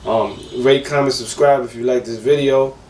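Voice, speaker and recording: A man with a hoarse, cracking voice, rambling eagerly and slangily through a casual sneaker review. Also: medium pitch, fairly even intonation, moderate pace, darkish tone, echoey room, far from the mic, slight background noise.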